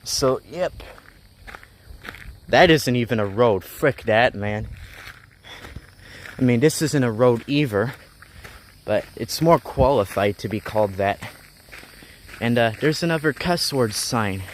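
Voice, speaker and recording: A man's voice: medium pitch, animated, slow pace, long pauses, a little hiss or hum. A young man rambling, joking and griping as he walks a rural mountain road, live-streaming from a handheld phone. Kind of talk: casual live-stream vlog.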